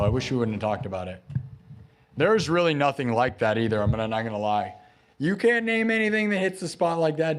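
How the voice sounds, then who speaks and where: A man's voice: on the high side, a little mellow. A man hosting a late-night music livestream, chatting casually and goofily, rambling and breaking into silly chants. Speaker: livestream host and improv musician.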